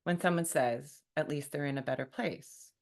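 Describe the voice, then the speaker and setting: Low-voiced woman hosting a wry podcast. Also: normal speed, creaky. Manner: wry, conversational, mock-quoting people. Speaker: podcast host. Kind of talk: solo podcast talk.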